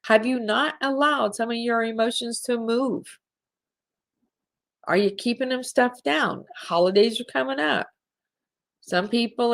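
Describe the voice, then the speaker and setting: A woman's voice: fairly high pitch, creaky. A middle-aged woman hosting a live spiritual talk show, speaking in an earnest, heartfelt way to her listeners.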